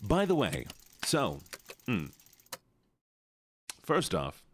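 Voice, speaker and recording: Playful low-voiced male streamer. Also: wildly swooping pitch, extremely slow, a little hiss or hum. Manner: playful, greeting chat by name. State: a bit tired. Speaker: livestreamer. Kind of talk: casual live stream chat.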